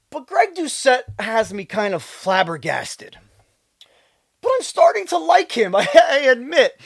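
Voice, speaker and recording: Fitness coach guy ranting on camera, cussing a lot, voice jumping all over, dry close sound. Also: no room sound. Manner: swearing, swinging from loud outbursts to low muttering. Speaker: fitness coach and video creator. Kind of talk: profane ranting monologue to camera.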